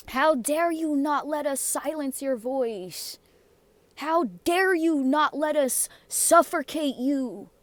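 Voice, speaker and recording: A woman's voice: sits high, dry recording, voice pushed up. A woman putting on the voice of a self-righteous accuser, mocking it with exaggerated outrage.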